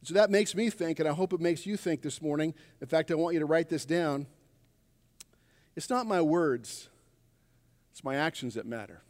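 A man's voice: a little high, moderate pace, pauses often, a little mellow. A man preaching a sermon as pastor, calling out to his congregation for responses. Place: church sanctuary. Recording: long reverb of a church hall.

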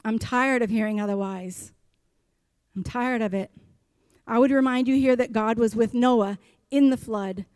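A woman's voice: a little high, unhurried, pauses often, a little mellow, clean tone, no echo, studio quality. A woman pastor preaching a sermon in a church, impassioned and emphatic, driving her points home with repetition.

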